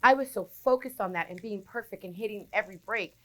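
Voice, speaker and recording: A radio personality in her forties talks quickly at medium pitch during casual interview chat as a guest. She tells her stories with animation, acting out the people she quotes.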